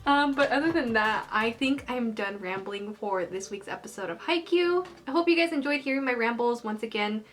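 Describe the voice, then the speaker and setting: A young woman in a casual vlog, rambling excitedly about an anime episode while she does her makeup, gushing like a fan. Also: a little high, moderate pace, hardly any pauses. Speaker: anime review vlogger.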